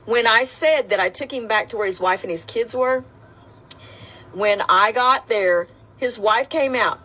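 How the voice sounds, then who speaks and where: A woman's voice: on the high side, measured pace, sharp tone, low-quality recording. A woman, a rideshare driver, tells her own story to camera in a matter-of-fact, defiant way.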